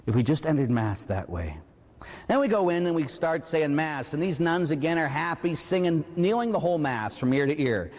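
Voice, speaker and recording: A man's voice: fairly high pitch, normal speed. Man, priest, sermon, emphatic preaching, long reverb of a church hall. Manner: animated storytelling, emphatic preaching. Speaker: Catholic priest.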